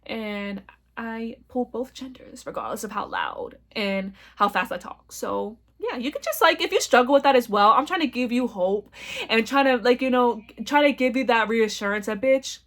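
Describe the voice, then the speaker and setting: A loud young woman with a slightly high voice, hosting her own podcast. She talks in a blunt, profane, chatty way, and now and then she catches on a word because of her stutter. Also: expressive, moderate pace. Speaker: podcast host. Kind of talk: casual solo podcast monologue.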